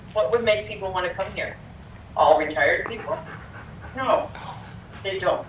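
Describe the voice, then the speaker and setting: A woman's voice: fairly low pitch, a little hiss or hum. Older woman, public commenter, blunt and confrontational, echoey hall, mic at a distance. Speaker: public commenter at a school board meeting. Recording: echoey hall, picked up from afar.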